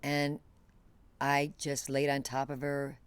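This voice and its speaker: A woman's voice: extremely low pitch, monotone, slow pace, clean tone. A woman interview guest telling a painful personal story in a detached, matter-of-fact way, often restarting and trailing off mid-phrase.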